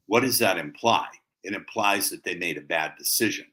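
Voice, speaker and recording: Man, low voice, bright and forceful tone, sales trainer, emphatic, playful. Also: normal speed, few pauses, poor audio. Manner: emphatic, playful, stresses key words. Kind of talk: teaching sales techniques.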